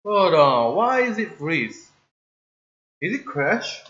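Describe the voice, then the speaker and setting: A man livestreaming a racing game, excitable, swearing often and complaining loudly at the game. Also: on the high side, takes it slowly. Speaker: streamer playing a racing game. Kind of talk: livestream gaming commentary. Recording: slightly dull lo-fi stream audio, faint game music behind.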